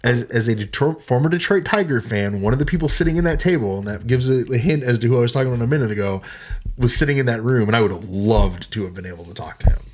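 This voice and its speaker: A man's voice: mid-range voice, fast talker, a little mellow. A man co-hosting a podcast, chatting casually and joking around. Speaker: podcast co-host. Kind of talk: casual chat.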